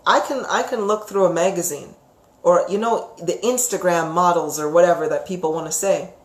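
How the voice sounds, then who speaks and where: A woman teaching about psychic topics on a live stream, chatty and expressive, reading out viewer comments and often asking "right?". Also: lowish voice, moderate pace. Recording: roomy echo.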